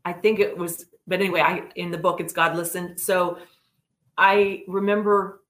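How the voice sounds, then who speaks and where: A middle-aged woman telling a personal story in an earnest, animated way as an interview guest. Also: on the low side, moderate pace. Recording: roomy echo.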